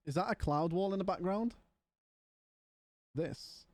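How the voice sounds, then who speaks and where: Male streamer, a touch high-pitched, sleepy and rambling, bone-dry home desk-mic sound. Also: a little slow, a little mellow, dry recording. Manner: chatty, rambling, yawning and tired. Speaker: livestreamer. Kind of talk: casual stream chat.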